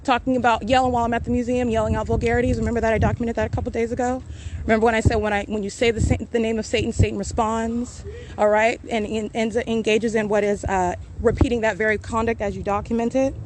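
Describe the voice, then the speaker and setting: Against a noisy background, a woman with a voice on the high side speaks fast and flat while walking and recording on her phone outside near a city hall and library. She hosts a podcast and documents the area, insistent and accusatory, repeating phrases with lots of "uh" and "um."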